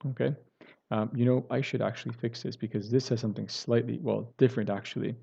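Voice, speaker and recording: A man's voice: mid-range voice, steady tone, quick pace, creaky, mellow, slightly rough, lo-fi sound. A man teaching a recorded chemistry lecture, explaining step by step and often checking in with "right?" and correcting himself as he goes.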